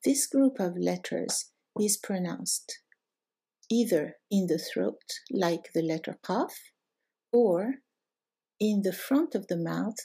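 A woman teaching a lesson at a slow, unhurried pace, her voice low, mellow and gravelly. She explains each point patiently and stretches out the example words. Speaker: Arabic teacher. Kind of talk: recorded language lesson.

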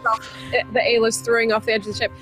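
High-voiced chatty woman player. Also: completely flat delivery, fast talker, over music. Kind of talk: casual tabletop game chat.

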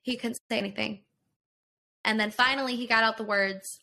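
A woman's voice: a little high, moderate pace, gravelly, pauses often. A young woman, a podcast guest, telling a personal story in casual conversation, emotional and profane as she acts out both sides. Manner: emotional, profane, animated retelling.

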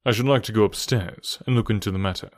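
A man voicing a calm, cerebral male detective who speaks in a measured, assured way. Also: lowish voice, no room sound, clean studio sound, lightly acted.

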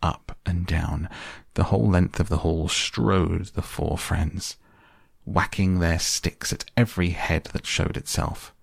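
A man reading a classic storybook softly as a bedtime audiobook, slow and even. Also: deep voice, creaky, breathy edge, no echo, clean studio sound.

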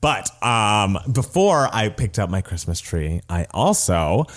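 A man co-hosting a casual podcast, chatty and animated, laughing often as he talks about movies and music. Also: on the low side, slow pace. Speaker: podcast co-host.

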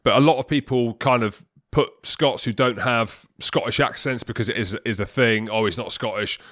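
A man's voice: medium pitch, moderate pace, fairly bright tone, no room sound. Dry-sounding chatty male podcast host. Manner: chatty and teasing. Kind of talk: casual podcast banter.

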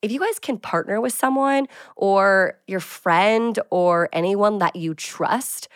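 A woman's voice: medium pitch, takes it slowly, smooth, no room sound, studio quality. A woman in her twenties hosting her own show, chatting casually and upbeat through business tips, with lots of filler words. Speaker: fitness creator and show host.

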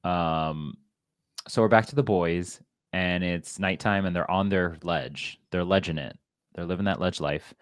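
A podcast co-host recaps a TV episode in a very deep voice. The delivery is dry and low-key, with quiet asides. The recording is close and dry. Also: a little slow, smooth, no echo. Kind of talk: casual recap chat.

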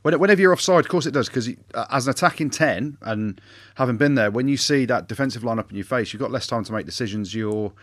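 A man's voice: mid-range voice, no echo. Dry-voiced man arguing rugby. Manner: lively, argumentative, quick to laugh. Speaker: podcast co-host, former rugby fly-half. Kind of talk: casual sports chat.

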